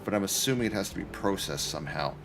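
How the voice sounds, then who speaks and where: A man's voice: low voice, expressive, fast, gravelly. Chatty man streaming a game. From Canada. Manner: chatty, joking, talks to chat while playing. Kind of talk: casual gaming livestream commentary. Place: his apartment.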